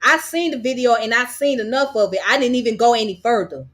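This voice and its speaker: A woman's voice: fairly high pitch, fast talker. An American woman vlogger delivering a heated commentary rant, blunt and profane, hammering her points with repetition. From United States.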